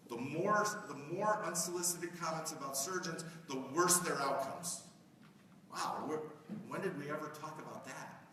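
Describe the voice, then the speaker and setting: Man, middle-aged, keynote speaker, bright voice, chatty, quizzes the audience, echoey hall recording from far off. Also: a little high, normal speed, a little hiss or hum. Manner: conversational, asks the audience questions. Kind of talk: conference keynote talk. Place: large conference hall.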